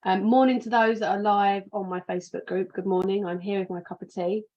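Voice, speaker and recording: A woman's voice: medium pitch, fairly even intonation, fairly quick, darkish tone. A British woman hosts a podcast in a loose, chatty monologue, sounding sleepy as she wanders from point to point and breaks off mid-sentence. The recording is dull and a little lo-fi. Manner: chatty, rambling, restarts sentences. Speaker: podcast host.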